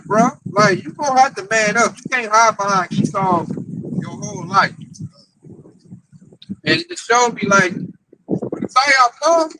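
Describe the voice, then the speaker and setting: A man with an Oklahoma accent telling a story in casual talk, animated and acting out the quoted voices. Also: very high voice, a little slow, slight background noise, low-quality recording. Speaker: camp member telling a story.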